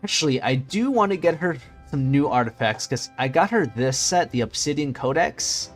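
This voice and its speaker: A man's voice: fairly high pitch, lively intonation, moderate pace, soft background music. A man streaming a video game, chatting casually with his viewers and muttering to himself as he searches through menus. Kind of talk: casual gameplay chat.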